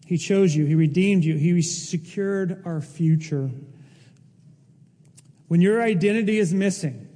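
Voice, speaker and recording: High-voiced man preaching in a hall. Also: measured pace, pauses often, mellow. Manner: emotional, emphatic preaching with rising intensity. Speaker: pastor. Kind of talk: sermon.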